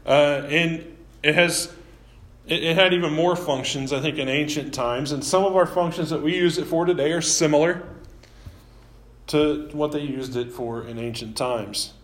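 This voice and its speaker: A man preaching a sermon as pastor, talking in a relaxed, conversational way with self-deprecating asides, live-streamed from a church. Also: a little high, normal speed.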